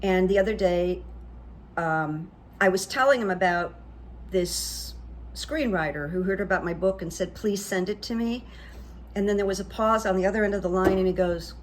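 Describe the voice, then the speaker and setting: A woman hosting her own channel, telling stories in a chatty, confiding way that trails off softly at the ends of phrases. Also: medium pitch, lively intonation, moderate pace. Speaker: channel host. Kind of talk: casual storytelling monologue. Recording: faint background noise.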